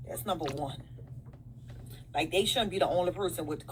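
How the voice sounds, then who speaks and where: A woman's voice: lowish voice, moderate pace, slightly rough, poor audio. A woman with a New Orleans accent, lecturing the camera in numbered points, bluntly, calling the listener "baby" and swearing. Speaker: social media poster.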